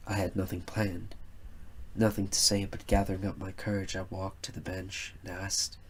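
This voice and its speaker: A man narrating a first-person story in a measured, reflective way. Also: low voice, monotone, slight background noise.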